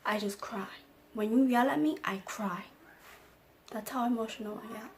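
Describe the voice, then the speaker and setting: Woman doing a storytime vlog, kinda high voice, real flat and quiet, faint hiss behind. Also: moderate pace. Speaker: vlogger telling a personal story. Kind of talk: casual storytime.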